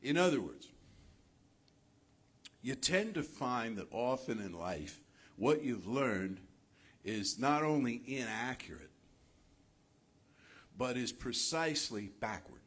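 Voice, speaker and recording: A male minister giving a sermon in a spiritual center, asking his listeners rhetorical questions in a measured, reflective way. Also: mid-range voice, lively intonation, fairly bright tone, breathy edge.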